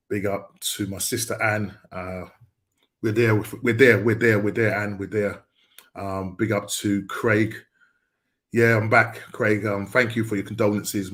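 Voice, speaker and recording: Middle-aged male podcast host; low voice, halting and subdued delivery. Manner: halting, full of ums and uhs. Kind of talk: casual podcast chat.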